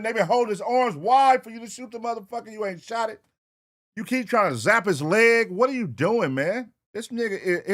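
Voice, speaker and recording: A man hosting a reaction show, loudly commenting in disbelief and swearing at a clip. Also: sits high. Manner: loud, incredulous, swearing commentary. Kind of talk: reacting to police footage.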